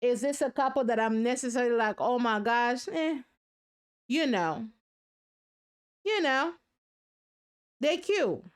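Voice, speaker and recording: Sassy, high-voiced woman reviewing reality TV. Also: slow, pauses often. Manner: animated, sassy, slangy, talks to viewers. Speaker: reaction video host. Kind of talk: casual reality-show commentary.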